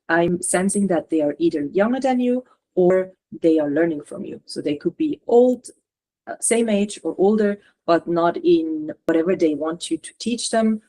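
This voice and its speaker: A woman channeler and coach guiding a spiritual session over a video call, talking in halting, searching phrases. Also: fairly low pitch, mellow. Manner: halting, searching, relays messages.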